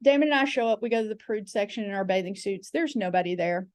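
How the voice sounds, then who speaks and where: A woman's voice: medium pitch, animated, quick pace, no echo. Frank chatty woman, dry close sound. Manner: frank, chatty, acts out quoted voices. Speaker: guest comedian. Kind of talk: candid comic storytelling.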